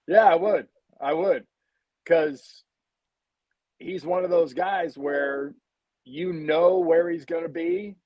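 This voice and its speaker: An older man in his sixties, a former player chatting as a guest. His somewhat high voice comes through a dull, dry remote line, and he talks bluntly and candidly, telling stories with relish. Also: takes it slowly, pauses often, no room sound. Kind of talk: casual interview chat.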